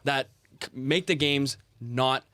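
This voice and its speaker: A man's voice: mid-range voice, takes it slowly, a bit bright, smooth, no room sound. A young man co-hosting a football chat show, emphatic and gloating as he makes his point. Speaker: podcast co-host.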